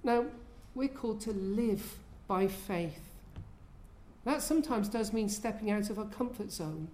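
A woman's voice: medium pitch, a little slow, darkish tone. A woman preaching a sermon in an earnest way, often asking her listeners questions.

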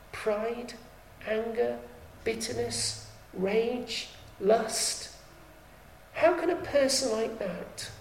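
A woman's voice: fairly high pitch, creaky, darkish tone, a little hiss or hum. A woman preaching a sermon, emphatic, driving her points home with repeated rhetorical questions. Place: church. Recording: echoey church room.

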